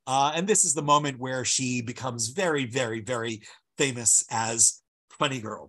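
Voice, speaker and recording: Husky-voiced man lecturing over slides. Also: medium pitch, a bit bright.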